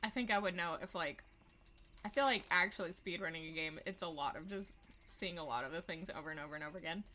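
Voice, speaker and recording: A woman's voice: on the low side, fast, bright, forceful tone, slight background noise. A young adult woman livestreaming a horror game, giving casual, chatty gameplay commentary full of crude, self-mocking asides.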